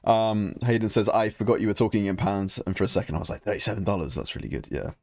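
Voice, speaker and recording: A man's voice: on the low side, fast talker, vocal fry, darkish tone, no room sound. A young British man hosting a live painting stream, chatting in a rambling, swearing, good-humoured grumbling way. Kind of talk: casual live stream chat.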